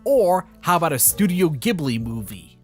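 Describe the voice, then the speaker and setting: A male commentator reading a scripted video essay, his pitch swinging widely as he talks. He slips in sarcastic, mocking jabs, and faint music sits under his voice. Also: sing-song, moderate pace.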